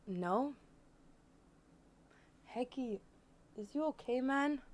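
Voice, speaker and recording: A woman's voice: high-pitched, lively intonation, extremely slow, pauses often, darkish tone. A woman, chatting casually and bluntly on a livestream, teasing and joking. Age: 20s. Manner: blunt, teasing, switches between English and German. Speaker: streamer.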